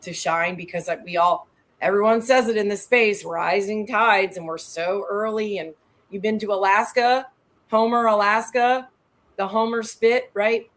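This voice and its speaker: A woman in her thirties, a guest telling lively stories in a slangy, animated way with loud excited peaks. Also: mid-range voice, a little slow. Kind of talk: casual storytelling on a show.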